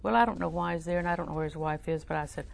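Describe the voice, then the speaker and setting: Older female preacher, low and gravelly, conversational storytelling, soft-spoken to near whisper. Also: racing, slight background noise. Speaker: Christian teacher. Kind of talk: personal storytelling sermon.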